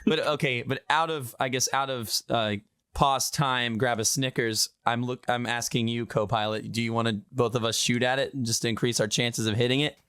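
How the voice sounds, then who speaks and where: A man's voice: medium pitch, fairly even intonation, moderate pace, a bit bright, clean tone, dry recording. Guy player at a tabletop game, middle voice, dry close sound, jokey. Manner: joking, laughing, swears freely. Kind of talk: casual tabletop play.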